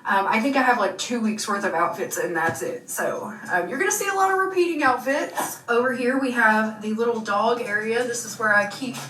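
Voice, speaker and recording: A woman's voice: fairly high pitch, a little fast, hardly any pauses, fairly bright tone, recorded from a distance, a little hiss or hum. A woman casually chatting through a tour of her hotel room. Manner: chatty, rambling. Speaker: vlogger. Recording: echoey room, away from mic.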